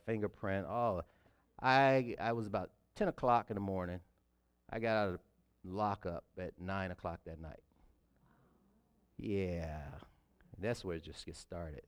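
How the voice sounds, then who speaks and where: Deep-voiced man telling a church testimony. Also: smooth. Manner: conversational storytelling with fillers. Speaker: deacon.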